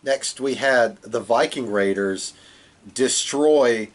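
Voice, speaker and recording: A man's voice: medium pitch, slow pace. A man co-hosting a podcast, casually recapping wrestling with dry joking asides. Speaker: podcast co-host.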